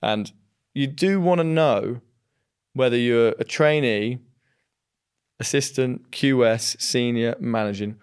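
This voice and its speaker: A man's voice: mid-range voice, takes it slowly, pauses often, clear, resonant tone. A young man co-hosting a casual podcast, telling anecdotes in a chatty way with frequent restarts. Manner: chatty storyteller, lots of restarts. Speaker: podcast co-host. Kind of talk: casual conversation.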